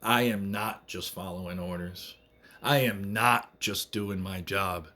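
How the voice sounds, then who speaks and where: Man, vlogger, slow deliberate delivery, impassioned political monologue, repetitive emphasis. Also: deep voice, steady tone, pushed and bright. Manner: earnest, emphatic, repetitive rallying speech.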